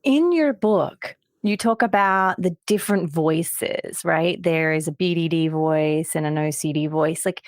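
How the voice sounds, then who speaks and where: A woman's voice: sits low, unhurried, few pauses, dry recording, studio quality. A woman hosting a podcast interview, asking questions enthusiastically with lots of "like". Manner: warm, enthusiastic questioning with many "like" fillers. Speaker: podcast host.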